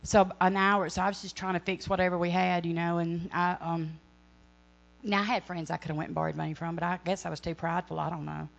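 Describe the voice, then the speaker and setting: A woman's voice: on the low side, little pitch movement, quick pace, gravelly, muffled recording. A middle-aged woman sharing a church testimony, earnest and rambling, often correcting herself. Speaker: ministry speaker.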